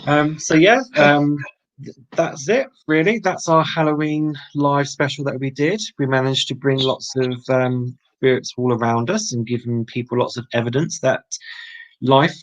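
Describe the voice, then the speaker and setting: A man's voice: medium pitch, normal speed. Man co-hosting, easygoing wrap-up. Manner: relaxed, trailing off with fillers. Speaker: psychic medium, co-host. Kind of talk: casual chat. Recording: dull lo-fi live stream audio.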